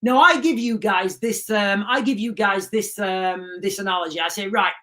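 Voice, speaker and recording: A British man hosting a livestream, ranting emphatically and repeatedly addressing his viewers as ladies and gentlemen. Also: high-pitched, moderate pace. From United Kingdom. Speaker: livestream host.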